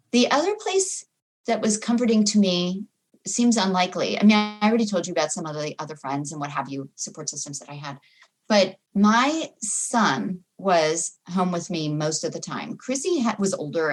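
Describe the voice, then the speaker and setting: Woman, middle-aged, low voice, reflective personal testimony, emotional storytelling. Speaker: guest. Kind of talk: personal testimony in a podcast interview.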